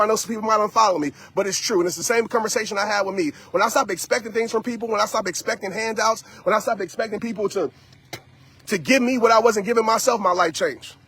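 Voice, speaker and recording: Husky high-voiced man preaching accountability. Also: a bit bright. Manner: preachy, repetitive, addresses audience directly. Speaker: motivational speaker. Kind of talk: motivational live-stream talk.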